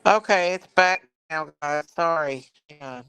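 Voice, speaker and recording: A woman's voice: deep voice, unhurried, a bit bright, clean tone, no room sound. A woman hosting a casual true crime livestream, apologetic and flustered as she talks to her viewers.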